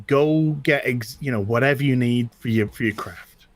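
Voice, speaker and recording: A middle-aged British co-host with a mid-range voice talks at a moderate pace in a casual chat. He's lively and anecdotal, repeating himself and restarting often as he tells personal stories.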